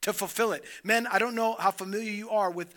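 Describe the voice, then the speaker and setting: Preaching to a men's gathering, a man with a high-pitched, steady voice shifts between hushed, drawn-out lines and loud, emphatic passages while acting out dialogue from scripture.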